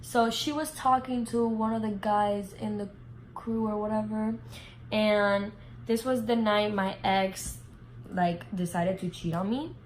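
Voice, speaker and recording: A woman's voice: mid-range voice, a little hiss or hum, rough recording. A young woman vlogger telling a casual storytime, full of fillers and swearing. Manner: animated, heavy filler words, swears freely.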